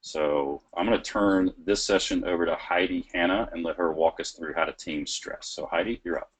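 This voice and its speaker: A man's voice: low-pitched, fairly even intonation, normal speed, breathy edge. A man hosting a webinar, introducing the guest speaker in a casual, enthusiastic way. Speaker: webinar host.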